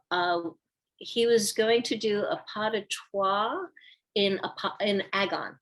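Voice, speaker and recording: An older woman, a former ballet dancer, telling stories from her career in a casual interview, acting out the lines of people she quotes. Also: fairly low pitch. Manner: animated storyteller, acts out quoted lines.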